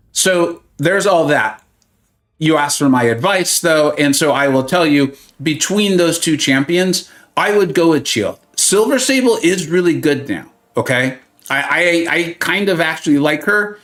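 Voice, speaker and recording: A male streamer with a slightly higher-than-usual voice, chatting casually on a live stream. He jokes around, wanders off on silly tangents, then comes back to give friendly, practical gaming advice. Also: fairly bright tone. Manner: playful and joking, rambling into tangents; explains advice in a chatty, reassuring way. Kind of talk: casual live-stream chat answering viewer questions.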